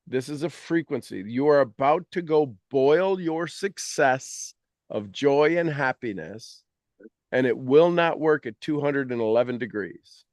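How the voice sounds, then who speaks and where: A man talking as a mentor, coaching his audience in an animated, teasing way and acting out their complaints in quoted voices. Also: medium pitch, a little slow, no echo, clean studio sound. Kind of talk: motivational coaching talk.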